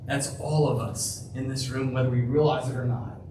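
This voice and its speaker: A male pastor preaching a sermon in a church, slow and emphatic, dropping to a hush for key phrases. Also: medium pitch, little pitch movement, slight background noise. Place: church sanctuary. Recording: echoey room, heard from a distance.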